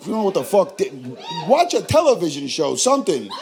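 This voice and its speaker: A man's voice: sits high, wildly swooping pitch, fairly quick, creaky, crowd noise. A young man with a Tulare, California accent performing a profane, brash stand-up comedy set. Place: comedy club.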